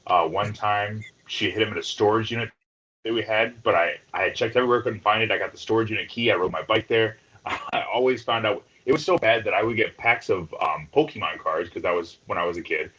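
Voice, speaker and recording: A relaxed young man talks casually as an interview guest, laughing easily. His low voice is husky, and it comes through dull, muffled call audio. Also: a little fast.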